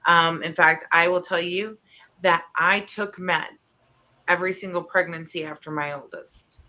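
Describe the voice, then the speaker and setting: A woman in her thirties co-hosting a chat show, talking openly and emotionally with halting restarts. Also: on the low side, fairly even intonation, sharp tone. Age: 30s. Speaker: co-host. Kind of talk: candid personal chat.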